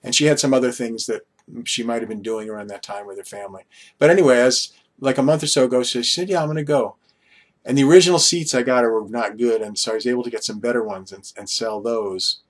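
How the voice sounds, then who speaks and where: Husky rambling man from Long Island. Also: mid-range voice, fast. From Long Island, New York. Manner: meandering, storytelling with asides and restarts. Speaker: vlogger. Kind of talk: rambling casual chat to camera.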